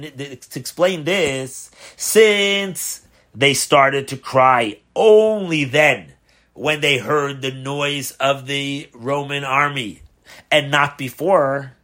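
A rabbi teaching a class on a religious text, posing questions and answering them in a conversational, animated way. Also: male voice, a little high. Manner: asks rhetorical questions, animated emphasis. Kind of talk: Torah class explaining a text.

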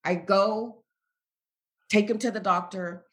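A woman telling an emotional personal story as a guest. She moves between loud, animated retelling and quieter, reflective stretches. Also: mid-range voice, slow pace.

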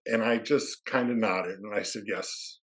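A man with a fairly low voice, an athletic administrator, tells a story as a podcast guest. He keeps it dry and understated and lets the details carry the humor. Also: fairly even intonation, moderate pace, a bit bright.

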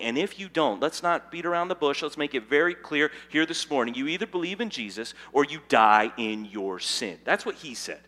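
A man preaching a sermon as pastor, dropping to hushed asides and then building to loud, emphatic stretches. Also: on the high side, animated, normal speed, few pauses. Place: church sanctuary.

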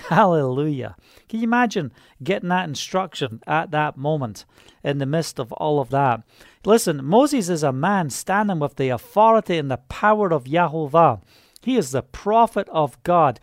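A man's voice: fairly high pitch, expressive, normal speed, no room sound, studio quality. A man preaching and praying fervently, proclaiming and breaking into hallelujahs. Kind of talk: charismatic sermon and prayer. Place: Israel.

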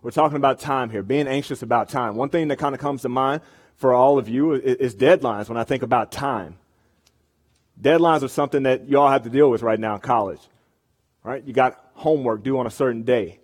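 A man's voice: medium pitch, brisk. A young man giving a casual sermon to college students, conversational and often checking in with the room. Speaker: campus ministry speaker. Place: meeting room with an audience.

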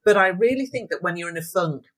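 A middle-aged woman is a guest in an interview, speaking reflectively and encouragingly and often acting out her thoughts and inner voices as quotes. Her voice is lowish, animated and fast.

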